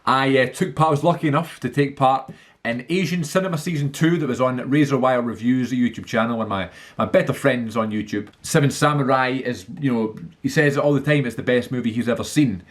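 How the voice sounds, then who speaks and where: A man in a casual vlog who chats eagerly and rambles, full of fillers and restarts. His pitch sits in an ordinary middle range. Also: brisk. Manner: enthusiastic. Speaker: film vlogger. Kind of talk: casual movie list monologue.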